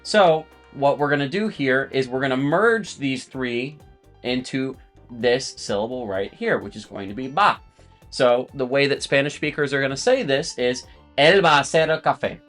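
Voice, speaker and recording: A man's voice: mid-range voice, moderate pace, fairly bright tone, faint music behind. A man teaching a language lesson to viewers in a chatty, explanatory way, with friendly asides and repeated words.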